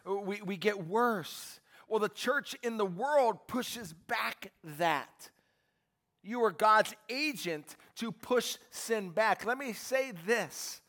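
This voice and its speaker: A man preaching a sermon as pastor, emphatic and calling out to his congregation for answers, moving between quiet asides and shouted lines. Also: high voice, expressive, slow pace. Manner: emphatic, calls out to the congregation for responses.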